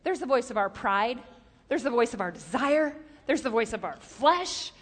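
Woman preacher, high and bright, animated storyteller, long hall echo. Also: normal speed. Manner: lively, repeats questions for emphasis, animated storytelling. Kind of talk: sermon.

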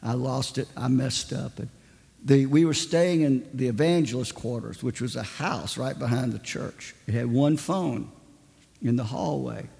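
A man preaching a sermon in a large church, telling a family story in a slow, dramatic way. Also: medium pitch, vocal fry, warm tone. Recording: long church reverb.

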